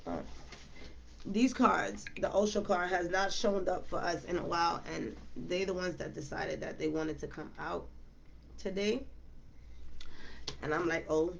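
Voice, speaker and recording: A woman's voice: lowish voice, lively intonation, moderate pace, gravelly, a little hiss or hum. A woman reading tarot cards in a casual, chatty way, talking straight to her viewers with lots of slang. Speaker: tarot reader.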